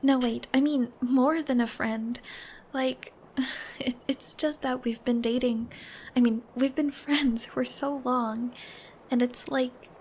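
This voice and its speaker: A young woman acts out a bashful, smitten girlfriend in a whispered role-play, her high voice drifting in and out of breathy whispers. She giggles between thoughts and babbles tenderly, and she takes her time with every word. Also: steady tone, takes it slowly, slight background noise. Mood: shy, tender. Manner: giggly, babbling, soft and affectionate. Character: shy giggly young woman, newly in love.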